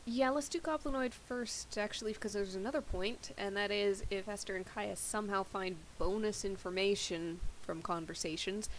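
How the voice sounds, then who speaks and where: A woman's voice: mid-range voice, moderate pace, few pauses, a little hiss or hum, poor audio. A woman player organizing the party's plans in casual chat, thinking aloud as she goes. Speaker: tabletop game player. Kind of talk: casual out-of-game planning chat.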